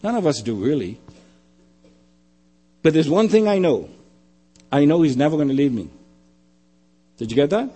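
A man preaching a sermon, emphatic and repetitive, often dropping to a quiet low. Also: very animated, moderate pace, pauses often, breathy edge, faint music behind. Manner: emphatic, repeating phrases, dropping to quiet lows.

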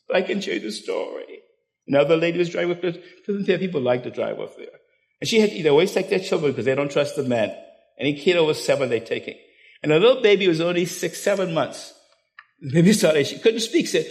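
An older man, preaching a storytelling sermon that swings from loud, laughing anecdotes to hushed intensity. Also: a little high, very animated, brisk.

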